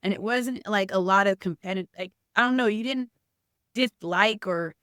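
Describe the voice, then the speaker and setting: A middle-aged woman with a smooth, clear voice speaks casually in an interview. She tells stories with a lot of "like" fillers and acts out what people said. The sound is dry and close. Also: mid-range voice, normal speed, no room sound. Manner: animated storytelling, many "like" fillers, acts out quoted speech. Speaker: softball coach and former college player.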